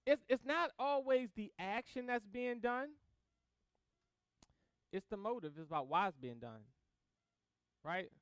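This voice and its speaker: Man preaching, high voice, smooth and resonant, dry close sound, casual slang, animated storytelling. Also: measured pace, pauses often, no echo. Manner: animated storytelling, acts out both sides of conversations; casual slang-filled delivery with laughter. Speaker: pastor. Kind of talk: sermon.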